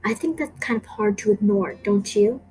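A woman voicing a proud, angry schoolgirl coder, with a sharp, accusing manner, in a storybook reading. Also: medium pitch, moderate pace, natural voice, poor audio. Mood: cold calm.

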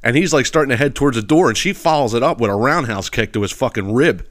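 A podcast host tells stories in a casual, profane rant packed with filler phrases, laughing at his own jokes. He sounds animated, with a medium-pitched, fairly bright voice and a quick pace.

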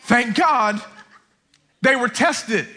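A man preaching a sermon as a campus pastor on a lapel mic, emphatic, repeating his points and building to shouts. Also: extremely high pitch, very slow, a little hiss or hum. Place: church auditorium.

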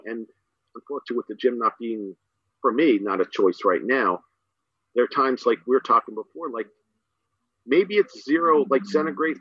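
A man's voice: medium pitch, bright, forceful tone, husky, no echo. A man guest, a middle school teacher and coach, rambling enthusiastically in a casual podcast conversation with many fillers. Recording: dull dry sound.

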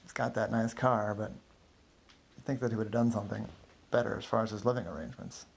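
Worn-out forties neighbor guy, rambles and trails off, rough husky voice, as a storyteller puts him on. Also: lowish voice, steady tone, fast talker. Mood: weary. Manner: rambling, hesitant, many fillers. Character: neighbor man in his forties, weary, evasive.

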